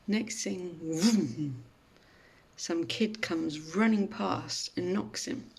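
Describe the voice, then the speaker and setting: Woman, mindfulness speaker, storytelling, slow gentle delivery, gravelly voice. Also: lowish voice. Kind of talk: storytelling talk.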